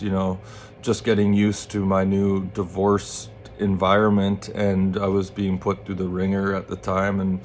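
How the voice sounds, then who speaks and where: Low, flat-voiced man telling a story. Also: a little hiss or hum. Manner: candid, swears freely, loose rambling delivery. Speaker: channel host. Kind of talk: casual storytelling to camera.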